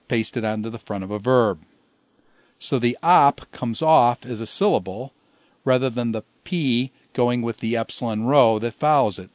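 A man teaching a recorded language lesson, patiently slowing down to sound out example words syllable by syllable. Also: mid-range voice, no room sound.

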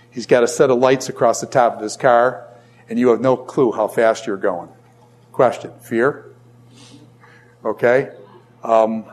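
A middle-aged man, a college professor, telling a personal story in a classroom lecture, rambling and animated with lots of fillers. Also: medium pitch.

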